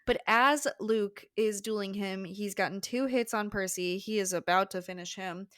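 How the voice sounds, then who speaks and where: A woman co-hosts a casual book podcast and walks through the plot with wry, frank asides. Her voice is mid-pitched and sounds dry, recorded close to the mic. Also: normal speed, a bit bright, no room sound. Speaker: podcast co-host. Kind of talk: casual book recap chat.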